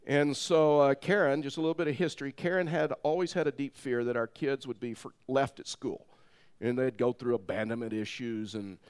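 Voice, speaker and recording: A middle-aged man preaching, telling a personal story in an animated way and laughing as he goes. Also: mid-range voice, smooth. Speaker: pastor. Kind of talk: sermon storytelling.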